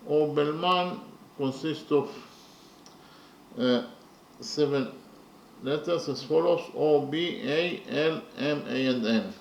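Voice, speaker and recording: A man teaching poetry in a slow, methodical lecture, counting syllables carefully and pausing often with fillers. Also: fairly high pitch, creaky, echoey room, a little hiss or hum, poor audio.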